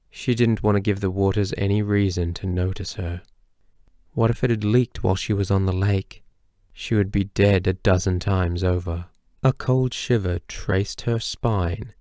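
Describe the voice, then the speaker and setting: A man reading a novel aloud as an audiobook narrator, in a measured way that slows for tense moments. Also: low-pitched, darkish tone, no echo, studio quality. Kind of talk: scripted narration.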